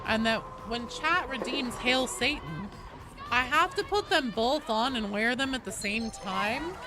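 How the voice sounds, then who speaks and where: A woman's voice: fairly high pitch, animated, a little slow, music in the background. Rambling woman game streamer. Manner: nerdy, rambling, full of fillers. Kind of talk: casual live-stream chat.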